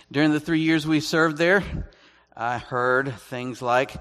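A man preaching as a guest speaker, conversational and self-deprecating, reading scripture slowly and deliberately. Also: medium pitch, fairly bright tone. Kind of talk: sermon. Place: church sanctuary. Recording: long echo of a church hall.

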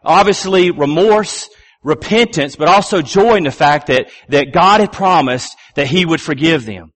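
A man in middle age delivers a measured sermon in a voice pitched a little high for a man. He hammers his main phrases through repetition. When he reads scripture, he drops low and slows right down. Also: a bit bright. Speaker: pastor.

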